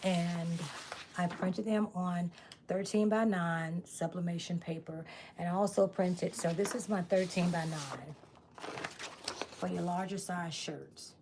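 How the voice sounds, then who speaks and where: A chatty woman hosts a casual craft live stream from her home workspace. She talks loosely and warmly with viewers, greeting them by name and asking them to subscribe. A faint hiss sits under the phone recording. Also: on the low side, fairly even intonation, a little slow. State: out of breath. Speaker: live-stream host making t-shirts.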